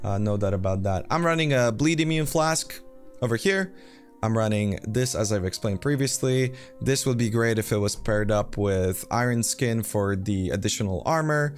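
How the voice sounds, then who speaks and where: A man's voice: on the low side, moderate pace, faint music behind. A man casually walking through a game character build, rambling with fillers and self-deprecating asides. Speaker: game build guide host. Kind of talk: casual gameplay guide commentary.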